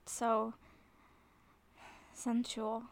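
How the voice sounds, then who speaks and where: A woman's voice: on the high side, monotone, drawn-out words, vocal fry. A woman in a scripted audio role-play, flustered and self-conscious, often laughing nervously as she talks to the listener. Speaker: nervous woman talking to a friend on the phone.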